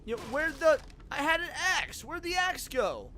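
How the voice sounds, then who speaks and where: High, bright-voiced excitable gaming streamer man. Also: moderate pace, a little hiss or hum. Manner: excitable, frustrated, profane banter with chat. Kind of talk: casual gaming commentary.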